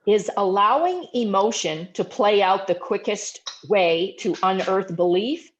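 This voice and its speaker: A woman's voice: mid-range voice, measured pace, dull audio. A woman asking a careful, earnest question as a participant in a group call. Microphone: video call.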